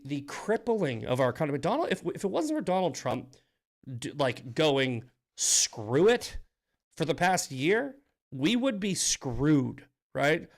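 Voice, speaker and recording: A man hosting a live commentary stream with a slightly raised pitch. He talks in a fired-up, profane way and stumbles into frequent restarts. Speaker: host.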